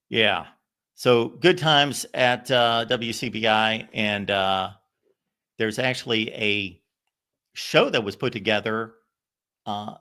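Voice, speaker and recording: A man's voice: fairly low pitch, bright, forceful tone. A man hosting a call-in show, telling rambling, anecdotal stories full of fillers and restarts. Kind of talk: casual storytelling.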